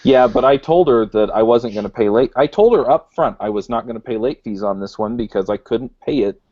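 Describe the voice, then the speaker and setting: A man's voice: medium pitch, fairly quick. A man co-hosting a podcast, explaining a grievance in casual chat. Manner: aggrieved, explaining himself. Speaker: podcast co-host. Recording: dull lo-fi sound.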